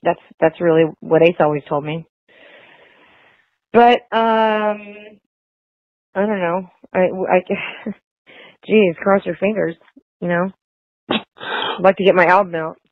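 A woman's voice: on the low side, slow pace, long pauses, dry recording. Rambling woman on a tinny phone line. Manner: rambling and emotional, with many restarts. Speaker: interview guest. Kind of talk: phone interview.

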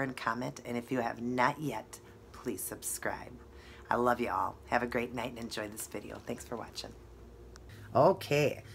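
Deep-voiced woman vlogger, chatty and giggly, fighting back laughter as she talks. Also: a bit bright, slight background noise. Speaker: beauty vlogger. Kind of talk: casual vlog chat.

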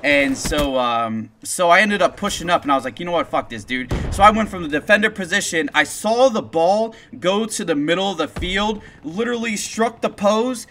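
A young man chatting on a live gameplay stream, excitable and profane, telling stories in slangy talk. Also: sits high, normal speed, few pauses, slight background noise. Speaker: gaming streamer.

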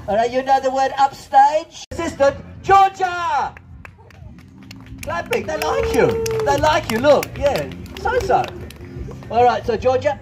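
A man with a very high voice runs a comic children's show. He bosses his volunteers around in playful, theatrical patter, and faint music plays under him. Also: darkish tone. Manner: bossy, theatrical showman banter. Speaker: children's entertainer. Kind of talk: comic audience-participation patter. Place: outdoor festival stage.

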